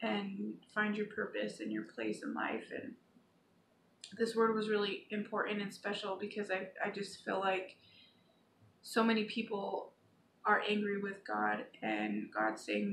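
Woman, earnest devotional talk, gravelly fry, echoey room, faint noise. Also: mid-range voice, a little slow, fairly bright tone. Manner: earnest, pleading, reads scripture aloud. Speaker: Christian vlogger. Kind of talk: informal spoken devotional.

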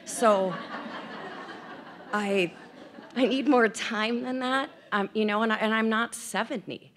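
A woman's voice: fairly high pitch, slow pace, pauses often, fairly bright tone, a little hiss or hum. A woman in her fifties giving candid, self-deprecating personal remarks at an event, tearful and emotional at times. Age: 50s. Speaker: speaker at an event.

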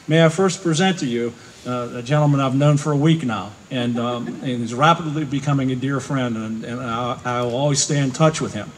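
A man introducing performers and guests as master of ceremonies at a public ceremony, speaking haltingly with many pauses. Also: on the high side, slight background noise, rough recording. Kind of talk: ceremony announcing. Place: outdoor park ceremony.

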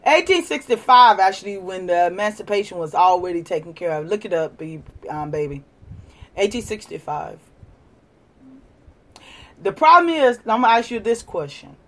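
A woman hosting a livestream, lecturing and challenging viewers in a combative way, moving from shouting to quiet muttering. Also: mid-range voice, expressive, moderate pace. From United States. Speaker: livestream host. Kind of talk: live-stream rant to viewers.

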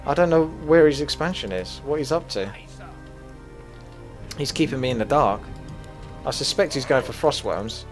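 A man's voice: mid-range voice, moderate pace, pauses often. Guy casting his own game, cusses a ton, swings from chill to raging, light music behind. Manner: swears a lot, flares into loud rage then calms. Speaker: gaming commentator. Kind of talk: gameplay commentary.

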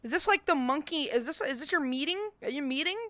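Very high-voiced woman gaming, swearing. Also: fast talker, dry recording. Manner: melodramatic mock-heroic monologues, swearing and yelling. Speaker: gamer. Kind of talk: gameplay commentary.

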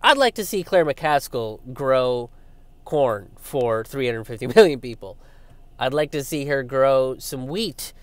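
A man's voice: mid-range voice, lively intonation, a little slow, no room sound. A young man hosting political commentary, talking in a sarcastic, profane rant and sliding into mocking put-on voices.

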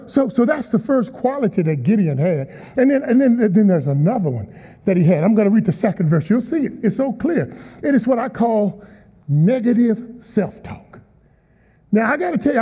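A man's voice: very high-pitched, breathy edge. A man preaching a sermon as guest speaker, emphatic, with call-and-response to the congregation. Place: large church auditorium. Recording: tinny sound in a long-reverb hall.

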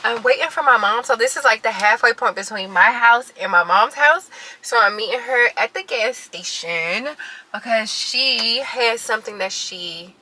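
Chatty bright-voiced mom vlogger. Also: female voice, fairly high pitch, normal speed, poor audio. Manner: chatty and animated, laughs often, talks to viewers. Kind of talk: casual chatty vlog. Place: in a car, later inside a large store. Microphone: phone on a car mount.

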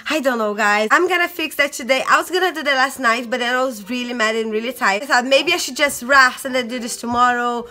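Young mom vlogger, high bright voice, chatty and tired, filming at home with faint music behind. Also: female voice, fast, few pauses. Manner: chatty, addresses viewers as guys. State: sick and tired. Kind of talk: casual vlog chat. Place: home, indoors.

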